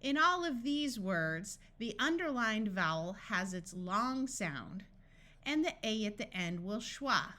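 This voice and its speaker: A woman tutor reads a phonics lesson aloud. She speaks slowly and carefully, stretching each sound so learners can follow. Her voice is bright and clear. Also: mid-range voice, sing-song. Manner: slow, deliberate enunciation of sounds and words.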